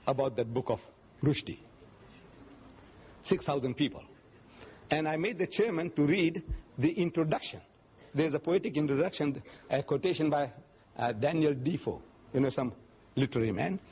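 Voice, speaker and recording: A man's voice: normal speed, long pauses, slightly rough. An older man giving a religious lecture and answering audience questions, telling stories animatedly and acting out the voices he quotes. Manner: animated storytelling, often jumping up in pitch to act out quoted voices. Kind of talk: public lecture Q&A. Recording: dull lo-fi lecture recording.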